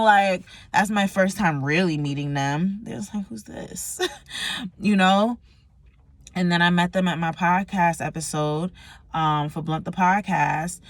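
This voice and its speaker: A woman's voice: sits low, no room sound. A young woman talking candidly and emotionally in a personal vlog, swearing freely and using slang. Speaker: vlogger.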